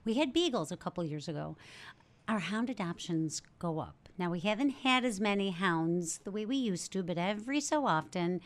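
A woman's voice: mid-range voice, expressive, normal speed. Animal shelter spokeswoman, casual chatty guest, enthusiastic, restarts a lot. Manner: chatty, self-correcting, enthusiastic. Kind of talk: casual studio interview.

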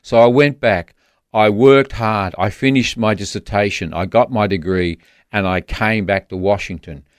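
Earnest Australian man, low and dry. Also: no room sound. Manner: earnest, halting with many restarts. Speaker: guest author. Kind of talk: storytelling in a radio interview.

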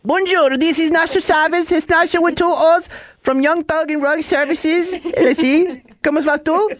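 A man's voice: high-pitched, sing-song, drawn-out words, slight background noise, voice pushed down, full character voice. A radio host voicing a pompous, rude male French rug maker with a fake French accent, making a prank phone call. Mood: haughty. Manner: haughty, insulting, pushy.

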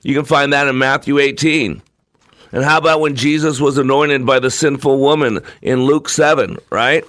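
A man's voice: mid-range voice, fairly even intonation, moderate pace, a bit bright, no room sound. A man hosting his own talk show, delivering an emphatic, repetitive, preacher-like monologue. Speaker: show host.

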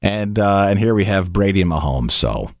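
A man's voice: low-pitched, animated, normal speed, no echo, studio quality. A man hosting a casual podcast, chatting and rambling animatedly with his co-host. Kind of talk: casual chat.

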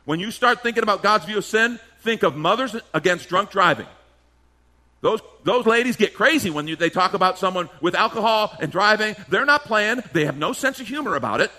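A man's voice: sits high, bright, forceful tone. A male pastor preaching a sermon emphatically, firing off rhetorical questions and slipping into mimicked voices.

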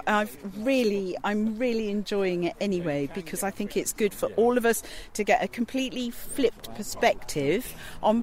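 A woman's voice: a little high, darkish tone. A woman radio presenter chatting enthusiastically on an outdoor walk, recorded outdoors on a handheld recorder. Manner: enthusiastic, chatty, laughs often. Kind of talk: outdoor radio feature chat.

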